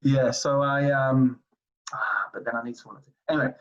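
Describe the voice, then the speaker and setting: A man in his forties from England, telling basketball stories in a casual interview, animated and rambling with many fillers. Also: medium pitch, moderate pace. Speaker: streetball player guest. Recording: dull lo-fi audio.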